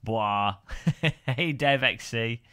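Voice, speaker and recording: A man's voice: mid-range voice, extremely slow, bright, forceful tone, clean tone. A man hosting a casual live stream, rambling and joking while greeting viewers by name.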